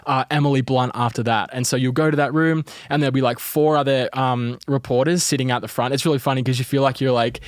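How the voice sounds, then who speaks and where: A man's voice: mid-range voice, fairly even intonation, fast, few pauses, no echo, clean studio sound. A man with an Australian accent, chatting casually on a podcast as a guest, rambling and full of fillers. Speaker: entertainment reporter guest.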